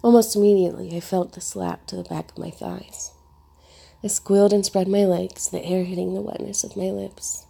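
Gravelly, husky woman narrating softly. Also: mid-range voice, level tone, moderate pace. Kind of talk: first-person story narration.

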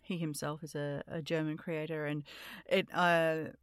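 Woman, lowish voice, dry close sound, chatty host, laughs often. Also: flat delivery, a little slow, clear, resonant tone, no room sound. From Australia. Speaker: podcast host. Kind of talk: casual interview chat.

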